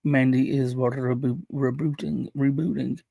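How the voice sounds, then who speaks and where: A man hosting a livestream, talking casually in a halting way, often repeating words and restarting his sentences. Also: medium pitch, flat delivery, gravelly, mellow, no echo. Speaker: livestream host.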